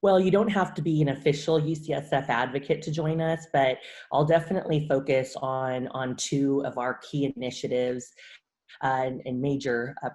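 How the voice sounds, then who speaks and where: A woman, a university vice chancellor, answering interview questions in a measured way, with frequent "uh" fillers and repeated words. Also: rumbling low, a little mellow.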